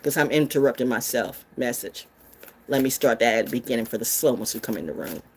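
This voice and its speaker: A woman's voice: a bass voice, animated, fast talker, darkish tone, slightly rough. A woman delivering a fiery, profane, sermon-style rant, preachy and full of rhetorical questions. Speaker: spiritual vlogger. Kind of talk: ranting sermon-style monologue.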